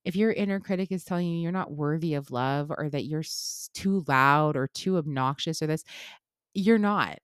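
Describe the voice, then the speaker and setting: A woman's voice: sits low, normal speed, clean tone, dry recording, studio quality. A woman in her thirties hosting a solo podcast, talking bluntly with plenty of swearing as she gives an impassioned pep talk. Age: 30s. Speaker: podcast host.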